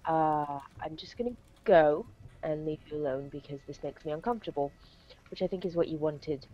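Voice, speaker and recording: A woman's voice: sits low, normal speed, mellow. A woman playing a tabletop role-playing game, speaking in character in a hesitant, wry way. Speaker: player. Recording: dull lo-fi audio.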